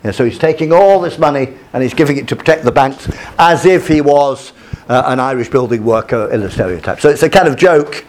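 A man's voice: mid-range voice, a little fast, darkish tone. Hesitant male lecturer with many fillers. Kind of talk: lecture with slides.

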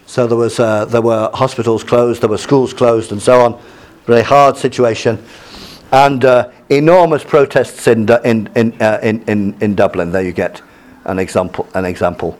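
A man's voice: medium pitch, moderate pace, darkish tone. Hesitant male lecturer with many fillers. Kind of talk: lecture with slides.

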